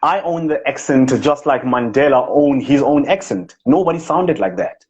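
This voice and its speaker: A man with a South African accent doing a comic impression of a boastful, self-important rich businessman on a live video chat, in a husky voice. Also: mid-range voice, animated, moderate pace, a little mellow, close to an everyday voice. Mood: pompous. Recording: dull lo-fi live-stream audio.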